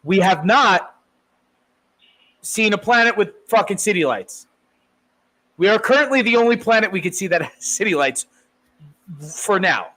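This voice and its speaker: Excitable high-voiced man. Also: moderate pace, long pauses, low-quality recording. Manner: excitable, swears often, laughs loudly. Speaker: podcast co-host. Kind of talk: casual crude banter.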